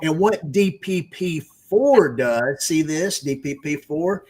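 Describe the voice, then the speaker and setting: A man's voice: on the high side, expressive, slow pace, a little mellow, husky. A man with a Texas accent, a radio guest explaining technical science step by step. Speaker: guest, research executive. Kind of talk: explanatory interview answer.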